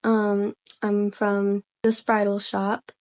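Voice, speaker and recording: A soft-spoken young woman voicing a polite, apologetic woman clerk on the phone, slow and formal. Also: mid-range voice, monotone, natural voice.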